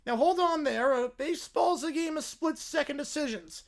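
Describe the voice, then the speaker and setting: A woman's voice: sits high, normal speed, pitched above the performer's own voice. A woman doing a bumbling cartoon lawyer. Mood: flustered. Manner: fumbling, improvising excuses. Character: bumbling down-on-his-luck male cartoon lawyer.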